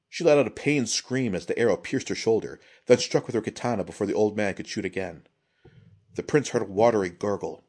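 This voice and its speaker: A man reading a fantasy story aloud as scripted narration, in a measured, steady way. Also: deep voice, breathy edge. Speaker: audiobook reader.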